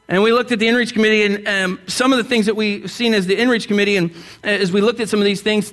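This pastor's voice sits high and has a fairly bright tone. Preaching in a church, he talks bluntly and casually, teases the congregation, and asks them to respond aloud.

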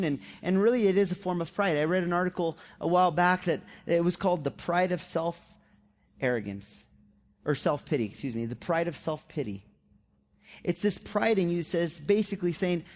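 A man preaching to his congregation in a casual, talk-it-through way. His voice sits a little high for a man, and he jumps up higher when he acts out what people say. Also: moderate pace. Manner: conversational preaching, acts out quotes in raised voice. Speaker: pastor. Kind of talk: sermon.

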